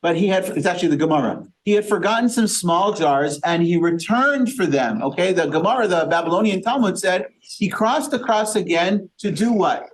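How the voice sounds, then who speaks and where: High-voiced rabbi leading a lively study class. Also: male voice, normal speed, few pauses. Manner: lively, quizzes the group with questions, sprinkles Yiddish and Hebrew terms. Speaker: rabbi teaching a Torah class. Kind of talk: interactive Torah study lecture. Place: synagogue study session with a small group.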